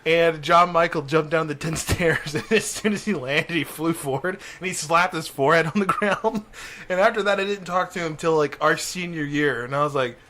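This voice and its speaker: A man's voice: on the high side, moderate pace, bright, forceful tone. A young man from Virginia, a podcast host telling casual stories and laughing often. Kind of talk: casual storytelling chat.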